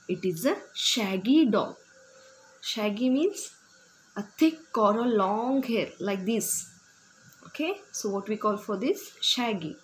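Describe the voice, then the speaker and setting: Slow, patient teacher woman. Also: mid-range voice, a little hiss or hum, poor audio. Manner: patient, repeats words and asks children simple questions. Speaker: primary school teacher. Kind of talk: slow classroom explanation to young children.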